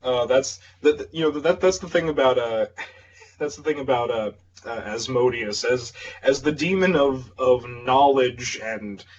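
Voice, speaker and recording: A man's voice: medium pitch, unhurried. Distant man on a dull lo-fi mic. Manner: hesitant, laughing asides.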